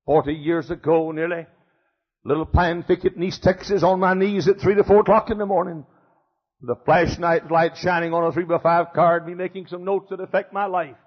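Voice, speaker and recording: Emphatic older pastor, husky fiery sermon. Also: male voice, high-pitched, steady tone, fairly quick. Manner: emphatic, repetitive, swings from shouting to hushed. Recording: dull lo-fi sermon recording.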